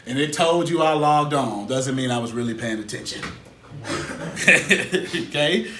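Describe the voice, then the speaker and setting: A man teaching a live seminar as a business coach, energetic and colloquial, drawing call-and-response from his audience. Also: a little high, slow pace. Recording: echoey room, mic far off, faint hiss.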